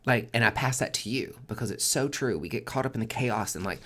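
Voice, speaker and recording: A man hosting a casual tarot forecast, chatty and expressive, swearing freely and swinging between loud emphasis and soft near-whispers. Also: medium pitch, fairly quick, hardly any pauses. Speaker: tarot reader and podcast host.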